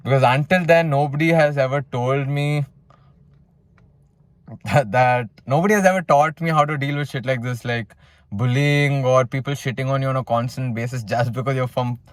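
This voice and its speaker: A young South Indian man with a mid-range voice tells a personal story at normal speed, vlog-style, with no room sound. He's casual and blunt, peppering it with swearing and "you know."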